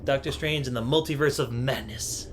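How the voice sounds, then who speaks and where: A man co-hosting a casual sports podcast, talking loosely with lots of fillers and quick laughs. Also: medium pitch, fairly even intonation, noisy background. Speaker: podcast co-host. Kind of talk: casual chat.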